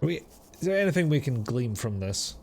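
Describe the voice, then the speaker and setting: Man, dry banter on a game stream, medium pitch, faint noise. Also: big pitch swings, moderate pace, creaky, a little mellow. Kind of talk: casual chat.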